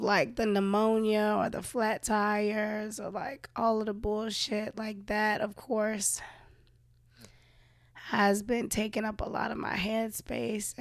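A woman's voice: mid-range voice, dry recording, studio quality. A young woman host with a cough, venting candidly and profanely to her listeners in a casual monologue. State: sick with a cough. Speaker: show host.

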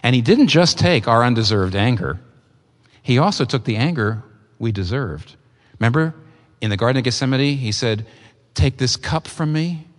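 Emphatic preacher in a reverberant hall. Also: male voice, lively intonation, normal speed. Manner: earnest, emphatic, with sudden rises in pitch. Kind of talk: sermon.

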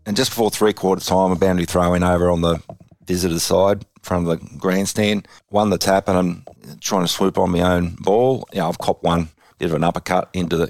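An Australian man and former footballer telling an animated story in an interview, slipping into lively acted quotes. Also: deep voice, dry recording. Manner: animated yarn-spinning with laughs and acted quotes. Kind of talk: interview anecdote.

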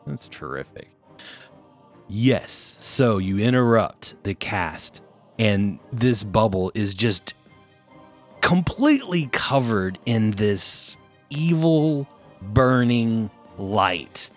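A young man running a tabletop game as game master, teasing the players and slowing down for dramatic description. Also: on the low side, sing-song, faint music behind.

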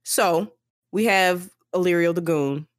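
Low voiced woman on a podcast, chatty and animated, lots of likes, dry close sound. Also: slow pace, dry recording. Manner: animated storytelling, many "like" fillers, acts out characters. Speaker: podcast co-host. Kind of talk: casual book-discussion chat.

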